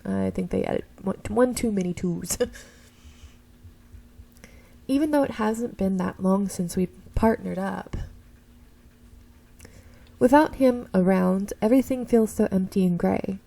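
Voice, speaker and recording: Gravelly woman reading a story game. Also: medium pitch, measured pace, pauses often, low-quality recording. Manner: expressive first-person reading, slips and corrects herself. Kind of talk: reading a visual novel aloud with asides.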